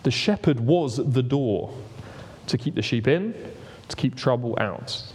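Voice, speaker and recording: A man's voice: mid-range voice, lively intonation, a little slow, darkish tone, husky. A man giving a conversational sermon in a church hall, often restarting phrases and asking for the next slide. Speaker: preacher. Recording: long reverb of a hall.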